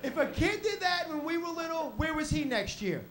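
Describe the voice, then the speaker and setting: Male stand-up comic, high and animated, noisy live club tape. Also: normal speed. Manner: animated, swings loud and soft. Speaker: stand-up comedian. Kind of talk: stand-up comedy set. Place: comedy club stage. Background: audience laughter.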